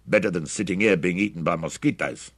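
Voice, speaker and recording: A man's voice: low voice, brisk, a bit bright, breathy edge. A man voicing a crude soldier who talks in a mocking, drawling way.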